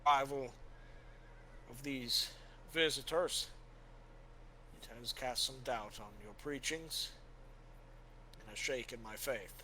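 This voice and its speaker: A solemn knight with shaken faith, as a man plays him in a tabletop game. He speaks earnestly and formally. The voice is bright and ringing, with a faint hiss behind. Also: medium pitch, takes it slowly, pauses often, rough recording.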